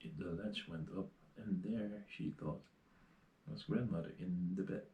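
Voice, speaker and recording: A man's voice: deep voice, unhurried, echoey room, narrow, tinny audio. A man with a Dutch accent reading a fairy tale aloud in English, plainly, with small slips and restarts. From Netherlands. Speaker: reader.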